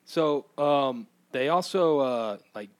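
Lively chatty podcast guy. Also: mid-range voice, takes it slowly, no echo. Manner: chatty, many "like" fillers. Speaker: podcast co-host. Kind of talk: casual chat.

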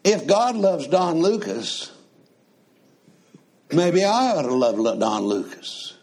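Guy preaching a sermon, kinda husky, bit high voice, asks the folks lots of questions. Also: very animated, darkish tone. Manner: slow, conversational preaching with questions to the congregation.

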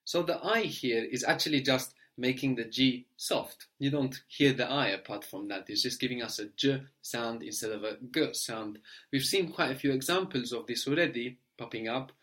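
A man teaching a language lesson, explaining patiently step by step and checking understanding with a quick "no?". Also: mid-range voice, a bit bright.

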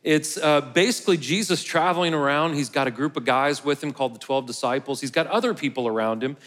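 A man's voice: a little high, fairly quick, fairly bright tone. A man preaching a sermon as pastor of his own church, talking casually to the congregation and joking along the way. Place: large church hall. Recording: long reverb of a church hall.

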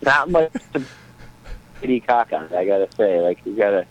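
A man's voice: lowish voice, expressive, normal speed. Joking man on a muffled phone line. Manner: joking, rambling. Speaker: co-host calling in. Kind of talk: casual sports talk banter. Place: small airport. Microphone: phone call.

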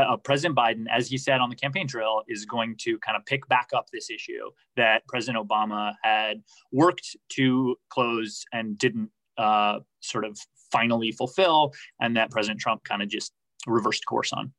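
A man's voice: medium pitch, moderate pace, fairly bright tone, no room sound, low-quality recording. A man answering interview questions about his reporting, thoughtful, with many restarts and fillers. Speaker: podcast reporter, guest.

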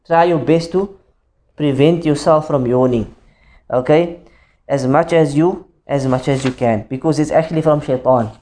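A man's voice: fairly high pitch, moderate pace, mellow. A man teaching a religious class in an explanatory tone, who repeats each point and keeps checking that students understand, with Arabic phrases mixed in.

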